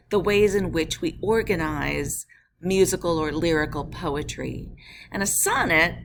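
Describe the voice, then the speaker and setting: Woman teacher, lower voice, patient lesson narration, noisy background. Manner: explains patiently, slows to read verse in a measured beat.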